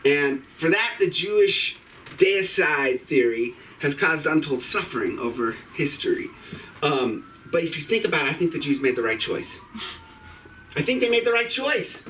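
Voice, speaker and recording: High, bright-voiced man doing profane stand-up. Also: far from the mic, a little hiss or hum, rough recording. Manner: rambling, irreverent, profane delivery. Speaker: stand-up comedian. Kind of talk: open mic stand-up set. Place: comedy club stage.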